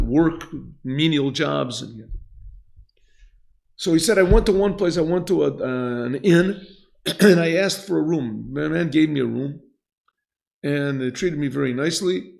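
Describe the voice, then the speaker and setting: Gravelly-voiced rabbi teaching a class. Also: male voice, a little high, darkish tone. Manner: storytelling, acts out quoted voices, frequent throat clearing. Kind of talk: classroom Torah lesson. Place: yeshiva classroom.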